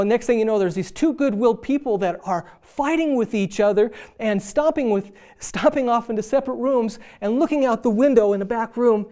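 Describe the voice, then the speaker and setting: Middle-aged male preacher, warm and mellow, lively storyteller who acts out both sides of a quarrel. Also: high-pitched. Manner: animated storyteller acting out both spouses. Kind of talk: sermon on marriage.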